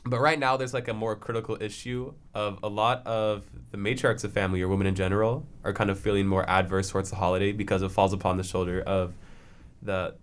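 A man's voice: on the low side, little pitch movement, fast, clear, resonant tone. A man hosting a podcast in casual chat, joking and asking curious questions.

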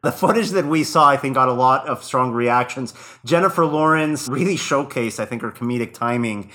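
A man's voice: mid-range voice, normal speed, sharp tone. A man co-hosting a podcast in casual chat, joking and laughing often. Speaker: podcast co-host.

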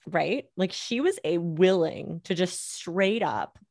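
A woman's voice: lowish voice, lively intonation, slow pace, darkish tone, no echo, studio quality. A woman hosting a podcast interview, chiming in with enthusiastic reactions and questions. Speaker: podcast host. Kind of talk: casual interview chat.

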